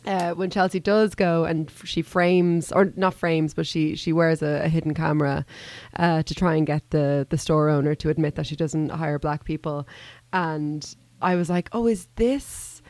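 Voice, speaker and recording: Woman, low voice, dry sound, animated storyteller, casual chat. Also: moderate pace, no echo. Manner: animated storytelling, acting out quotes.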